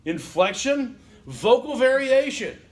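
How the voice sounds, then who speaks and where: A man's voice: very high-pitched, big pitch swings, slow. A man teaching a college class in a casual, conversational lecture, often checking in with "okay?" and acting out what listeners might be thinking. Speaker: college instructor.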